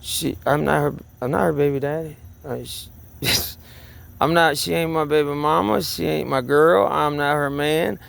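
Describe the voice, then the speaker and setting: A man with a high, gravelly voice tells his side of a story in a rambling rant. He sounds agitated and swears freely, circling back to repeat his point and restarting his sentences. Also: normal speed, a bit bright. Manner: agitated, profane, repeats himself, many restarts. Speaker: vlogger. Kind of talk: rambling personal rant to camera.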